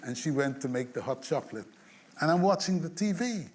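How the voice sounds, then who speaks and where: Guy songwriter telling a story in an interview, kinda high voice, acts it all out, chuckles a lot. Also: a little fast. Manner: animated storyteller who acts out scenes and hums tunes; chuckles through his stories. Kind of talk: storytelling anecdote.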